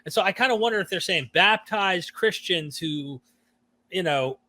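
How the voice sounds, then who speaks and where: A man hosts a relaxed podcast conversation, his voice sitting somewhat high for a man. He reasons aloud, hedges his claims, and lifts his voice when he voices other people's views. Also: normal speed, no echo. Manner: thoughtful, hedging, animated when quoting views. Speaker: podcast host. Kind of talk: casual discussion.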